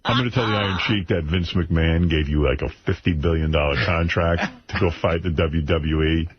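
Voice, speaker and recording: A man's voice: sits low, brisk, slightly rough, dull audio. A man hosting a radio show, joking and firing questions at his co-host. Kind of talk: radio banter.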